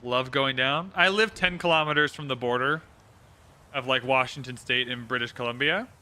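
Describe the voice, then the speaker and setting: A man's voice: mid-range voice, normal speed, bright, forceful tone. A young Canadian man chatting casually on a livestream, reading out viewer locations and talking through a strategy game. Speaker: streamer. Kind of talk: casual livestream chat while playing.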